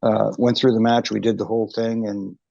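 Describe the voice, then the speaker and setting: A middle-aged man recounts a memory in a chatty, restart-filled way. His voice sits low and gravelly, and the call audio is dry and dull. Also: flat delivery, a little fast, warm tone, dry recording. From Canada. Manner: chatty, many fillers and restarts, emotional recollection. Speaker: guest, retired wrestling referee. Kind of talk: anecdotal interview storytelling.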